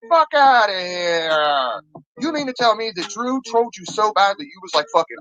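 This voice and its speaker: A man hosting a live stream, ranting in a rambling, profane, animated way. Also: sits high, rough recording. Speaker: stream host. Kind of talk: casual live-stream rant.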